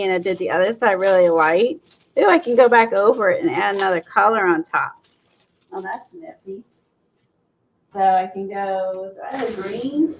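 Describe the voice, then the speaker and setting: A woman hosting a craft livestream, chatting excitedly to her viewers as she works. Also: medium pitch, gravelly, slight background noise. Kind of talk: casual livestream demo chat. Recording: dull lo-fi livestream audio.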